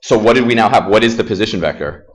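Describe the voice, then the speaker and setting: A man teaching a calculus class in a classroom, casual and self-deprecating, firing quick questions at his students. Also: lowish voice, a little hiss or hum. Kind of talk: classroom math lesson.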